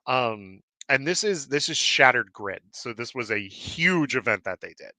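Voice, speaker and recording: A man hosting a live show in casual chat, rambling and excitable with many fillers and restarts, a little out of breath. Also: medium pitch, normal speed, few pauses, no echo. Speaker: host. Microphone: desk mic with cord.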